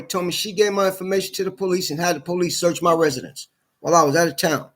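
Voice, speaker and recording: A man's voice: high voice, fast talker, fairly bright tone. A man in an angry, heated rant to camera, swearing a lot and repeating himself. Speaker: vlogger.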